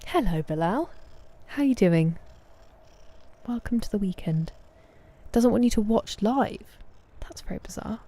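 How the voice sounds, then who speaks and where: A woman chatting casually with live viewers while gaming, greeting them by name and dropping soft asides. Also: medium pitch, lively intonation, a little slow, pauses often. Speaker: streamer.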